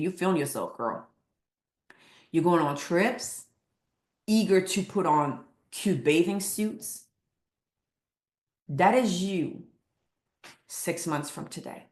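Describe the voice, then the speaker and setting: A woman's voice: lowish voice, slow, long pauses, echoey room. A woman weight loss coach speaking to camera with emphatic, repeated motivational lines.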